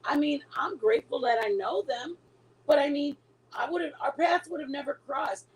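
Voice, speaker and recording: A woman's voice: sits high, moderate pace, low-quality recording. A middle-aged woman chatting casually with her viewers, telling a long story with many restarts and trailing thoughts. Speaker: livestream host.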